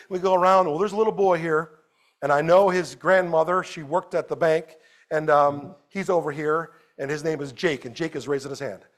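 A man preaching a sermon as a pastor at a church service, animated, moving between loud exclamations and quiet storytelling. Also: on the high side, a little fast.

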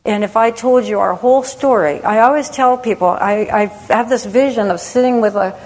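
Long hall reverb frames a middle-aged women's ministry speaker whose voice is a little high and darkish, at a moderate pace. She gives a candid, chatty testimony to a church audience, repeatedly restarting and saying "you know."

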